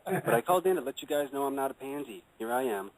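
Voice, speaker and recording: A man's voice: mid-range voice, expressive, quick pace, poor audio. Amused male caller, easy chuckling delivery. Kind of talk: casual call-in chat.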